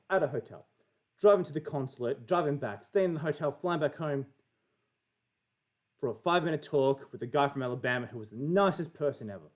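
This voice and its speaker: A man's voice: fairly high pitch, darkish tone. A young Australian man in a casual, profane, jokey chat, telling a story as a livestream guest.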